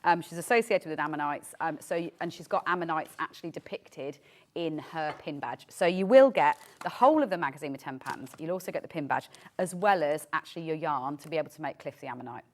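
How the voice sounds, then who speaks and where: A woman's voice: low-pitched, lively intonation, fast. A woman designer chatting on a TV shopping show, explaining her products in a hesitant, self-deprecating way. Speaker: craft designer guest.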